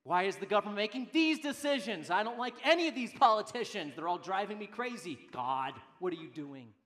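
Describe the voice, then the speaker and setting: A preacher putting on a loud whiny grumbler. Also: male voice, sits high, fairly even intonation, moderate pace, echoey room, lightly acted. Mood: whiny, complaining. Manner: loud, complaining, mock-childish. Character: whiny adult male grumbler demanding his way.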